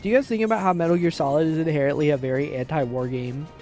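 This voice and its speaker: A man's voice: fairly high pitch, rapid-fire, darkish tone, faint music behind. A man streaming, ranting casually with lots of swearing and mocking impressions of people he quotes. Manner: ranting, sarcastic, swears often; mocking voices when quoting people.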